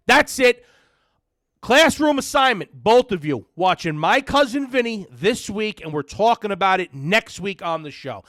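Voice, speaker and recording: A man hosting a podcast, loud, excitable and cursing freely in casual chat. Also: high voice, measured pace, dry recording, studio quality. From New Jersey. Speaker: podcast host.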